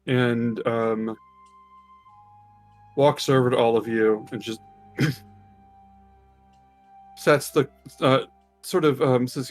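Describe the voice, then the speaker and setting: A man running a tabletop game as game master, narrating loosely with many ums and pauses. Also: mid-range voice, steady tone, faint music behind. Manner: loose, hesitant, lots of ums.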